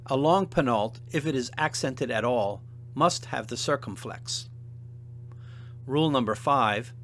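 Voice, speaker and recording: A man teaching a seminary language lesson in a measured, deliberate, scripted narration. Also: mid-range voice, fairly bright tone, slight background noise. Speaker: seminary instructor.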